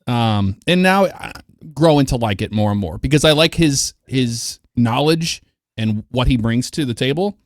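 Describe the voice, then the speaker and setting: A man's voice: mid-range voice, animated, normal speed, no room sound, clean studio sound. A man co-hosting a casual racing podcast, telling anecdotes and reminiscing. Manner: storytelling, reminiscing, laughs easily. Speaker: podcast co-host. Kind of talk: casual chat.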